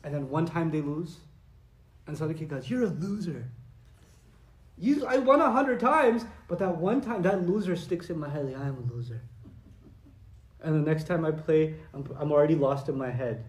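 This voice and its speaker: Animated high-voiced male preacher. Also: normal speed, echoey room. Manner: animated and conversational, acting out quoted voices; recites Arabic verses and sources. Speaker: Islamic preacher. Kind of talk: lecture-style sermon.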